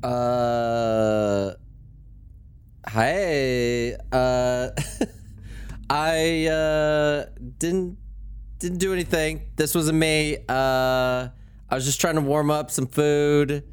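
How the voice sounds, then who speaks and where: A man's voice: on the high side, steady tone, drawn-out words, smooth. A man playing a tabletop role-playing game, answering in a nervous, hesitant way with stammers and repeats. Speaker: player. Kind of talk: casual tabletop role-play.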